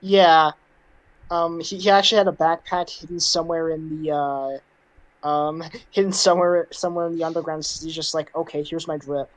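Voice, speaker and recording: Co-host, mid-pitched voice, rambling, stumbling restarts, casual riff chat. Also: steady tone, moderate pace. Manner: rambling, stumbles and restarts, laughs between lines. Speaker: co-host riffing on a show.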